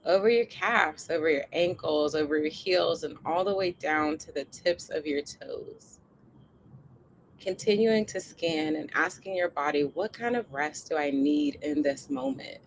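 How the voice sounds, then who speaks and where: A woman coaching a live online group, speaking in a gentle, encouraging way as she leads a relaxing body scan meditation. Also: lowish voice, slight background noise, low-quality recording. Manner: gentle, encouraging, slow guiding cadence with soft laughs. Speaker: coach hosting a co-planning session. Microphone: live online session.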